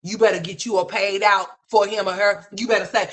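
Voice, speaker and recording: A woman hosting a livestream, giving profane, brash, scolding commentary full of slang. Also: a little fast. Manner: animated, swings between loud and low. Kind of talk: ranting commentary.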